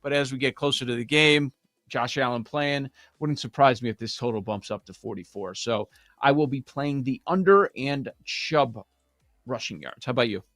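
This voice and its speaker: A man hosting a sports betting show, talking casually and thinking out loud with restarts. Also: medium pitch, moderate pace, dry recording, studio quality.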